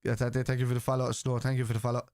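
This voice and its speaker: Very fast and level in tone, this man's mid-range voice has a darkish quality, with no room sound in the recording. He's answering viewers casually on a live football stream, swearing freely and arguing bluntly.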